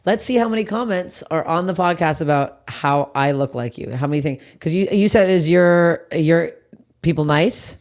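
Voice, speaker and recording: A woman hosting a podcast in casual chat, teasing her guest with wry, quick banter. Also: low voice, darkish tone. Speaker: podcast host.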